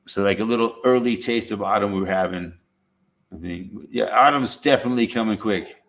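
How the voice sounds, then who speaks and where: A man's voice: lowish voice, brisk, a bit bright. A man in a laid-back casual chat, swearing freely and dropping "man" at the ends of lines.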